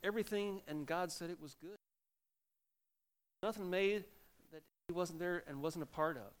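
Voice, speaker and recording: Male pastor, middle-aged, sermon, animated, bursts of loud emphasis, slightly high voice. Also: moderate pace. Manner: animated preaching with sudden loud exclamations.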